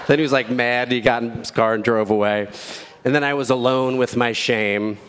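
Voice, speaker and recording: A man's voice: steady tone, moderate pace. A man in his thirties telling a rambling, self-deprecating stand-up story as a new dad. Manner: rambling, self-deprecating, with squeaky shouted quotes. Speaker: stand-up comedian. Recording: echoey hall with faint ambience.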